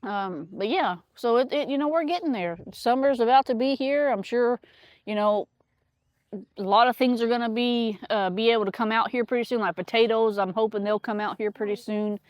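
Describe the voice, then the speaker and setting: A woman's voice: fairly high pitch, normal speed, no echo, highs cut off. A woman chatting casually outdoors in her garden, rambling with lots of fillers. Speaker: homesteader vlogger. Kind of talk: casual chat.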